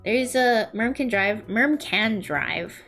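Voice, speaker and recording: A woman's voice: fairly high pitch, expressive, slow pace, fairly bright tone, soft background music. A young adult woman streamer telling rambling, self-mocking stories in casual chat while she draws.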